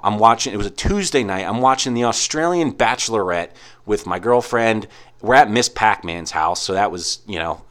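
A man's voice: lowish voice, a bit bright. A young man in a casual ranting monologue, rambling with lots of "like" and frequent swearing. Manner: rambling, heavy use of "like", profane.

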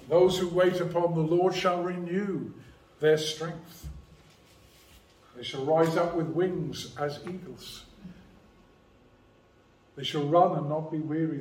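Slow, emphatic preacher in an echoey church. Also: male voice, on the high side, fairly even intonation, a little mellow, a little hiss or hum. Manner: measured, emphatic preaching with slow stressed phrases. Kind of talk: sermon. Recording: echoey church hall, mic at a distance.

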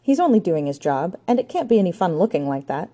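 A woman voicing a feisty, sharp-tongued lady who scolds people. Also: lowish voice, sing-song, quick pace. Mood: scolding. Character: feisty lady in a straw hat.

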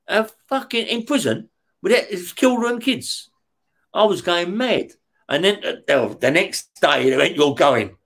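Middle-aged man, high and light voice, interview guest, swears constantly and acts out the other voices in his tales. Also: a bit bright. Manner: heavy swearing, acts out the dialogue in his stories. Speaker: guest, former career criminal. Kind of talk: casual storytelling in an interview.

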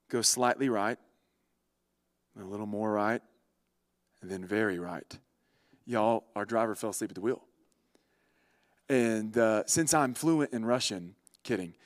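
A man telling a story in a casual, animated way, talking straight to his listeners. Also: on the high side, dry recording, studio quality. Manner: animated, chatty, addresses listeners directly. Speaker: vlogger.

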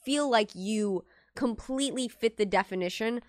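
A woman's voice: fairly high pitch, normal speed, no room sound, studio quality. A young woman hosting a casual group discussion over an online call, talking earnestly and rambling with restarts. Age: young adult.

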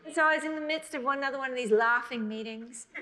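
A middle-aged woman with a high-sitting voice preaches a sermon, earnest and emotional, over a noisy background. She rushes ahead in bursts, then slows into soft, drawn-out emphasis.

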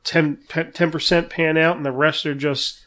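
Male podcast co-host, fairly high voice, laid-back musing, half-finished thoughts. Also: little pitch movement, moderate pace, pushed and bright. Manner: loose, musing, often trails off. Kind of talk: casual movie review chat.

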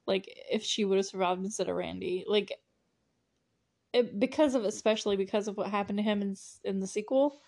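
A woman's voice: medium pitch, fairly quick, gravelly, darkish tone. A young woman hosting a podcast, casually recapping a movie with frequent laughs and sarcastic asides. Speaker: podcast host.

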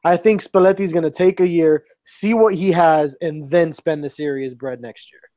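A man's voice: a little high, normal speed, dry recording. Slangy man on a dry mic. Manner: laid-back, slangy, relaxed. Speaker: podcast co-host. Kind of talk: casual chat.

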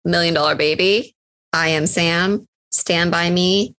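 A woman co-hosting a podcast in casual chat, chatty and giggly, running through pop culture picks with excitement. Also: on the low side, measured pace. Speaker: podcast co-host.

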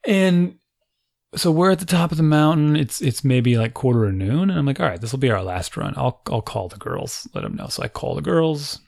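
A man's voice: mid-range voice, big pitch swings, a little fast, gravelly, darkish tone, dry recording, clean studio sound. A man in his forties casually telling a funny family story, acting out quotes and laughing often.

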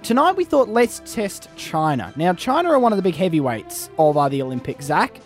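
Australian man, radio co-host, playful banter, excitable, high-pitched, light music underneath. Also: fairly quick. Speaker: radio breakfast show co-host.

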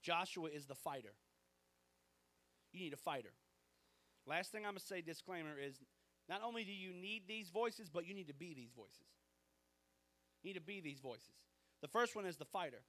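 Male pastor, fairly high voice, lively storytelling sermon. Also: normal speed, long pauses, no echo. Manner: animated, conversational storytelling.

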